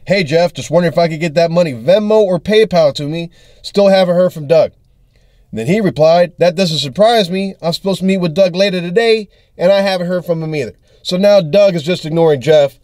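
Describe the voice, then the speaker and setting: A young adult man who tours as a comedian tells an angry, profane story in a video diary, acting out the texts and calls. His voice is a little high and darkish, recorded cleanly in a studio with no room sound.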